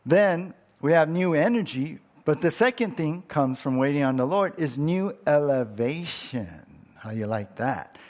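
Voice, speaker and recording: A man preaching a sermon in an earnest way, stressing some lines loudly and dropping others low and quiet. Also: expressive, a little slow. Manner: earnest, swings between loud emphatic lines and low quiet ones. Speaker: pastor.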